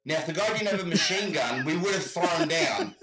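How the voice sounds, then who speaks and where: A man's voice: sits high, expressive, fairly quick, reverberant, a loud crowd, poor audio. A man from Australia with an Australian accent, telling rambling stories in casual chat and often repeating "I gotta tell you.". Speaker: guest. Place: home in Michigan.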